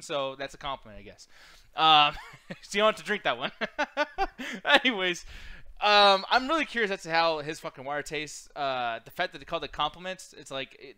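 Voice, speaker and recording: A man's voice: a little high, bright, forceful tone, clean tone. Laughing, foul-mouthed podcast guy. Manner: profane, laughs a lot. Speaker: podcast co-host. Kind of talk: casual gaming podcast chat.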